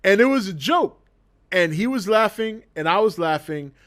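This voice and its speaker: A man with a slightly higher voice than most spins a story for his stream chat in a loose, casual way. He breaks into laughter mid-sentence and swears freely, acting out each exchange with lively energy. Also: moderate pace.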